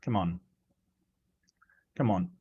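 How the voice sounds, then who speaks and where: A male livestream host in casual commentary, reading chat aloud, chatty and teasing, often repeating words and filling pauses. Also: deep voice, dark tone, breathy edge, dull audio.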